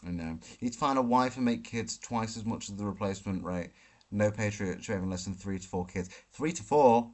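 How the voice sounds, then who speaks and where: A brash man rants through a live Q&A stream, swearing freely as he fires back at chat questions. His voice sits a little low for a man. He streams from a hotel room. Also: a little fast, a little mellow. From Britain. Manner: brash, profane ranting. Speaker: livestream host.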